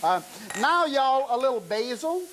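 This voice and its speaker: Folksy south louisiana chef, high voice. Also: male voice, big pitch swings, unhurried, fairly bright tone. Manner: folksy, chatty, addresses audience as y'all. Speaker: TV cooking show chef. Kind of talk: cooking demonstration.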